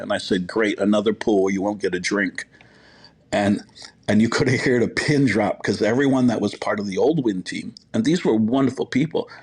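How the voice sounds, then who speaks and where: A man's voice: lowish voice, breathy edge. A middle-aged man, a podcast guest, telling long work anecdotes in a casual, rambling way full of fillers and quoted dialogue. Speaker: podcast guest, hospitality executive. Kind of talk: casual storytelling interview.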